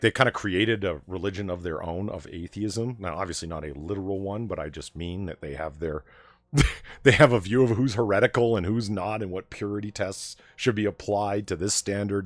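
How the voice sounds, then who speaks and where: A man hosting a late-night casual chat stream, an animated storyteller who swears freely. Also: deep voice, no room sound. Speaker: stream host.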